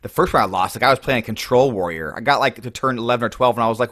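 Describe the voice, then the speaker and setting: A man's voice: mid-range voice, fast talker, few pauses, a bit bright. A man co-hosting a card-game podcast, chatting casually and rambling with lots of fillers. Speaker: podcast co-host.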